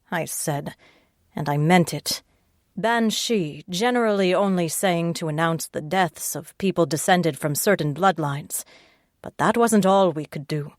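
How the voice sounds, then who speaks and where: A woman's voice: fairly low pitch, unhurried, no room sound, clean studio sound. A woman narrating a first-person audiobook with a terse, hard-boiled delivery.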